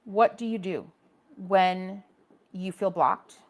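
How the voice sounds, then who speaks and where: A woman's voice: medium pitch, slow pace. A woman hosting a casual painting livestream, chatting with viewers and reacting to their comments, often restarting her sentences.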